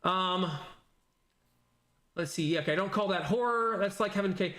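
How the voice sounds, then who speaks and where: A man's voice: high-pitched, normal speed, bright, forceful tone, roomy sound. A man casually chatting on a livestream, reading viewer comments and thinking aloud with lots of fillers.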